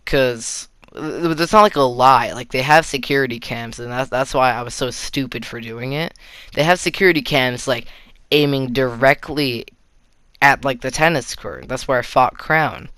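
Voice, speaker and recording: A teenage boy rambles through a personal story, swearing freely and tripping over restarts. His voice is smooth and clean, recorded close and dry with no room sound around it. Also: medium pitch, pushed and bright, no echo. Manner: rambling, swears often, filler-heavy with restarts. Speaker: vlogger telling a story. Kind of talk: casual storytime. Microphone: console facecam or headset mic.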